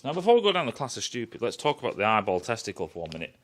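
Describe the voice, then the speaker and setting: A man's voice: medium pitch, huge pitch swings, rapid-fire, a bit bright. A man ranting in a casual, sweary, sarcastic review. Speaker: film and TV reviewer.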